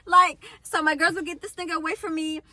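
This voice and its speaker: A young adult woman hosting a casual chat, telling stories in an animated, profane way. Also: extremely high pitch, fairly quick, slight background noise. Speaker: host.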